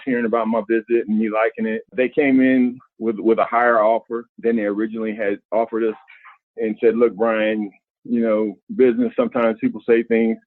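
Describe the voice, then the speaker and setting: A middle-aged former basketball player telling stories in an interview, acting out what others said. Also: male voice, mid-range voice, no echo. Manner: animated storyteller, acts out quoted voices. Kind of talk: candid storytelling interview. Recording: thin phone-like sound, dry.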